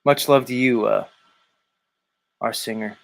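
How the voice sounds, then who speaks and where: A man in his forties hosts a relaxed live stream, chatting with viewers in a loose, meandering way. His voice sits at an ordinary middle pitch, and he drops the odd curse as he greets people by name. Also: unhurried, gravelly. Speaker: livestream host. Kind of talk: casual chat reading viewer comments.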